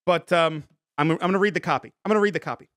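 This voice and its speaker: High-voiced dude streaming, flustered and defensive, dry close mic. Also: male voice, very fast, a bit bright, dry recording. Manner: flustered, defensive rambling with restarts. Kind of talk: improvised comedy bit as a scandal-hit streamer.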